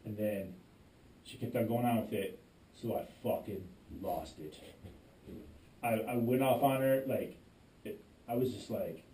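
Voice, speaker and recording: A man chatting on a podcast, his voice mellow and dark. He restarts sentences and acts out what he and others said. He sits back from the mic in an echoey room. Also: fairly low pitch, measured pace, pauses often, far from the mic, slight background noise. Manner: animated storytelling, frequent restarts and quoting himself. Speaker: podcast co-host. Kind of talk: casual podcast chat. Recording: roomy echo, voice away from the mic.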